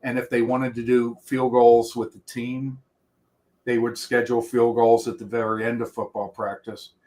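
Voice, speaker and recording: A man's voice: medium pitch, little pitch movement, moderate pace, darkish tone. A middle-aged man, a guest on an interview, reminiscing at length with many restarts. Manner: rambling storyteller with many restarts and quoted voices.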